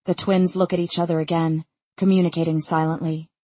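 A woman's voice: on the low side, little pitch movement, fairly quick, mellow, no echo. A woman reading a novel aloud in the first person, telling it with tense urgency into a close mic. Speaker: audiobook narrator. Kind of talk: first-person scripted narration.

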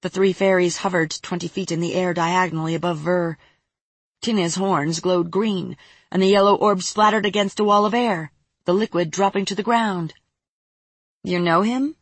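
A woman narrating a fantasy story aloud in a steady, even reading voice. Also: lowish voice, moderate pace, breathy edge, no echo.

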